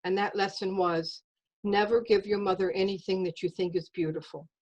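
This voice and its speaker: A woman telling a personal story in an earnest, measured way over a video call. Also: mid-range voice, fairly even intonation, darkish tone, lo-fi sound.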